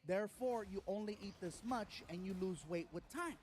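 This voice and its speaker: A man telling a long comic story on stage, animated and acting out the people in it. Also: sits high, moderate pace. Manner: animated, acts out other people's voices. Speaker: stand-up comedian. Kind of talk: stand-up comedy storytelling.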